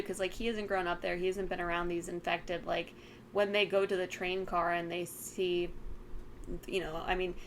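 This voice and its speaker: A woman's voice: medium pitch, fairly bright tone, a little hiss or hum. A woman reviewing a horror film in casual chat, sleepy and full of fillers as she recaps scenes. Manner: chatty, filler-heavy, giggly retelling. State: sleepy, yawning.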